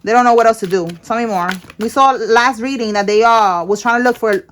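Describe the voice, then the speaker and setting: A woman's voice: fairly high pitch, fairly quick, slight background noise. A woman giving a casual tarot reading, talking bluntly with slang, swearing and frequent check-ins. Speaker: tarot reader.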